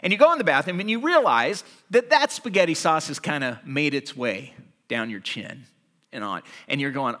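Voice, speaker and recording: A man's voice: fairly high pitch, expressive, moderate pace, bright, forceful tone. A man preaching a sermon as pastor, telling everyday stories and acting them out with animation.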